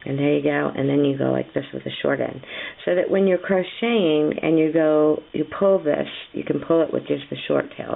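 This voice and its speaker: Gravelly, hoarse woman teaching crochet. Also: normal speed. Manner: patient, chatty, counts stitches aloud. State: voice going hoarse from a cold. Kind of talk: step-by-step craft tutorial. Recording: tinny, phone-like low-fi sound.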